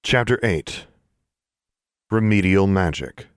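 A man narrating an audiobook in a steady storytelling manner. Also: low voice, a little fast, no echo, studio quality.

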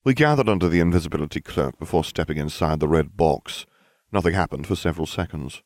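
A man narrating a story in an expressive reading. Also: very deep voice, quick pace, no echo.

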